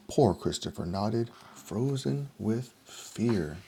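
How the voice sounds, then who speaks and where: Male picture-book reader, rhythmic rhyme, dark husky low voice. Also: measured pace. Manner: steady, rhythmic storytelling. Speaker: storybook reader. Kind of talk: rhyming picture-book read-aloud.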